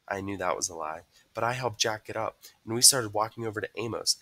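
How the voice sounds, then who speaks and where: A man's voice: fairly low pitch, a little fast, few pauses, sharp tone, dry recording. A man reading a novel aloud, telling the story expressively and voicing each character. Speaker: reader.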